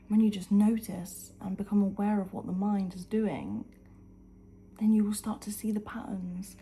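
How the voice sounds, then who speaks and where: A woman's voice: medium pitch, vocal fry, dark tone, a little hiss or hum. A woman at home in the early morning, talking earnestly to camera in a motivational vlog and often dropping to a whisper. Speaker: vlogger. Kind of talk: heartfelt motivational talk to camera.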